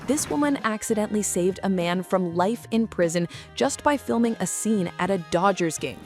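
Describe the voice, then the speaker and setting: A woman's voice: medium pitch, moderate pace, soft background music. A woman reading a scripted documentary narration in a dramatic, teasing way that builds suspense.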